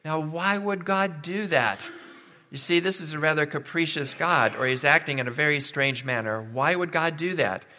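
A man's voice: fairly high pitch, moderate pace, pushed and bright, in a large hall, a little hiss or hum. A man preaching a sermon in a conversational way, thinking aloud and posing rhetorical questions.

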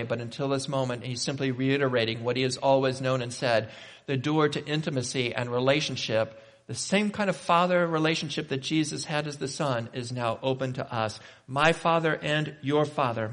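Male preacher, middle pitch, reads scripture and riffs on it, conversational sermon with rhetorical questions. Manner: conversational and animated, shifting between slow emphatic and quick asides.

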